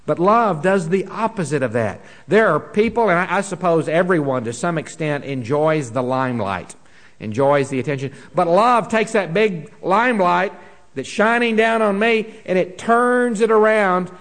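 A man delivers a sermon in a voice pitched a little high for a man. He preaches earnestly, pushing some lines out with emphasis and dropping others to a hushed tone. He often says a word twice as he restarts. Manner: repeats words as he restarts. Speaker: pastor.

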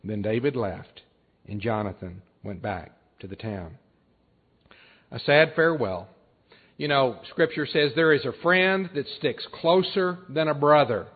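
Earnest preacher, tinny phone-like sound. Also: male voice, expressive, unhurried, husky. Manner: earnest storytelling, drops soft and low for emphasis. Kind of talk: sermon.

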